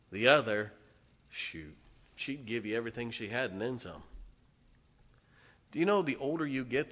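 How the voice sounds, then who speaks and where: Bright-voiced man preaching a story. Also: medium pitch. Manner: animated storytelling with loud bursts and soft asides. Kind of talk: sermon.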